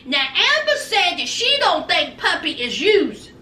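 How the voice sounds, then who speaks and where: Sassy high-voiced woman recapping TV. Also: a little slow, recorded from a distance. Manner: sassy, gossipy, animated. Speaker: recap vlogger. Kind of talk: reality TV recap commentary. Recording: echoey room, off-mic, faint noise.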